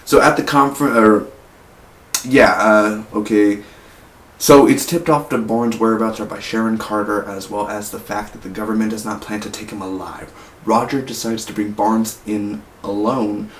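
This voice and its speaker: A man's voice: on the low side, steady tone, moderate pace. A man reviewing a movie in casual talk, rambling with many fillers and restarts. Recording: roomy echo, mic far off, faint hiss.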